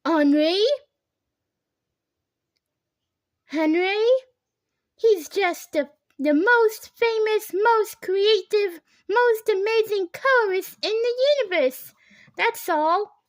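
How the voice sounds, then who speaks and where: A woman reading a children's storybook aloud and voicing an excitable young woman hairdresser who gushes in a high, emphatic voice. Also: takes it slowly, no echo, clean studio sound. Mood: gushing. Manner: breathless, gushing, high and emphatic.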